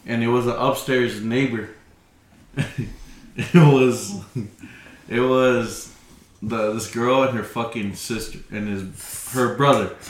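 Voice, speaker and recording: A young man chats on a podcast, telling stories full of swearing and laughter. His voice sits at an ordinary middle pitch, and the room echoes around him. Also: a little hiss or hum. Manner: profane, laughing storyteller. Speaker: podcast co-host. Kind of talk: casual chat.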